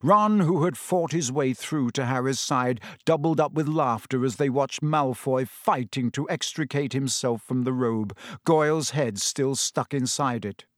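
A man narrating a storybook with a lively, expressive reading. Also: mid-range voice, unhurried, hardly any pauses, no echo, studio quality. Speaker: audiobook reader.

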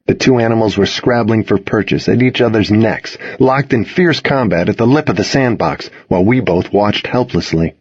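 A man reading a dramatic first-person story aloud, expressive in his delivery. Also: on the low side, normal speed, few pauses, husky, no room sound, muffled recording. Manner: expressive, voices the other characters in his reading.

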